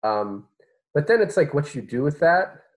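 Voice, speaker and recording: A man's voice: on the high side, big pitch swings, moderate pace. A man co-hosting a casual chat about a movie, wry and hesitant, with many fillers. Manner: wry, hesitant, acts out scenes in mock voices. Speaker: podcast co-host.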